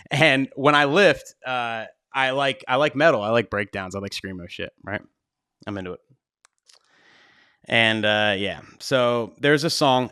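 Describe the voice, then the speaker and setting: A man's voice: mid-range voice, a bit bright, no room sound, studio quality. A young man, a DJ hosting his own show, telling a story casually and animatedly, swearing freely and acting out his own panic. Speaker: wedding DJ and show host.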